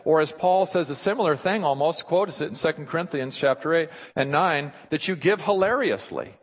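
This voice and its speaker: Pastor, slightly high voice, animated sermon delivery, long hall reverb, muffled lo-fi audio. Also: male voice, a little fast, husky. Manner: animated, asks the listeners rhetorical questions.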